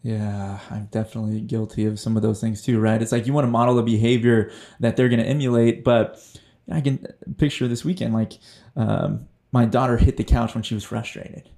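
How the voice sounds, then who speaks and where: A man hosting a podcast, talking in a relaxed, conversational way. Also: medium pitch, brisk, gravelly. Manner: relaxed, conversational, frequent "you know". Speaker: podcast host.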